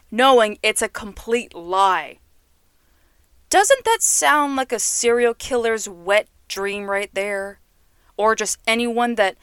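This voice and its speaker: Chatty woman with a smooth, dry voice. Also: on the high side, no room sound. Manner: chatty, animated, laughs often. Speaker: film commentator. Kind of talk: casual solo commentary.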